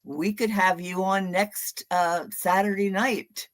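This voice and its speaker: A woman's voice: mid-range voice, steady tone, takes it slowly. A woman co-hosting a casual livestream who talks in a playful, giggly way and coaches her partner through the setup. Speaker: co-host of reading stream.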